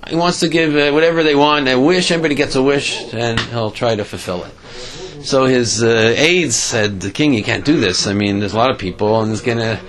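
A man's voice: medium pitch, low-quality recording. A man giving a Torah class, telling a parable animatedly and voicing its characters, with many fillers and restarts. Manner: animated storytelling with voiced characters.

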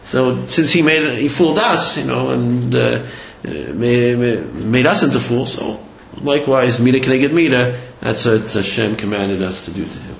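A man teaching a religious lesson, telling a story in an animated, digressive way with many fillers. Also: medium pitch, moderate pace, gravelly, a little hiss or hum. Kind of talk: sermon with storytelling. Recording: roomy, slightly dull recording.

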